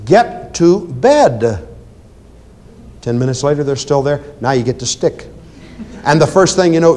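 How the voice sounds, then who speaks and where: A man's voice: on the high side, slight background noise. A man preaching a sermon on deliverance ministry, emphatic and commanding, repeating phrases and talking straight to his congregation. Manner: emphatic, swinging between loud commands and quiet asides.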